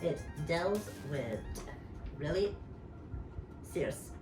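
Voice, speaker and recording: A woman, a drag performer, co-reading a fanfic with playful, teasing, drawn-out delivery. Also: deep voice, expressive. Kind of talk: comic dramatic reading of a fanfic. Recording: echoey room with clear music behind.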